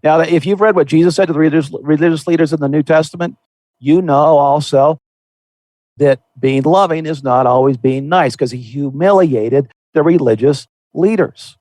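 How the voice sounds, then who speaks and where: Man, podcast host, earnest folksy explaining, fairly high voice, dry close mic. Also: moderate pace, darkish tone, no room sound. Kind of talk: conversational Christian podcast discussion.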